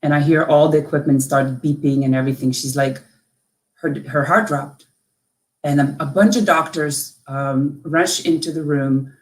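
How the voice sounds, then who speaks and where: A woman from Lithuania, a coach, telling a personal story in an interview with an emotional, halting delivery full of restarts. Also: deep voice, fairly even intonation, echoey room. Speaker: guest, coach.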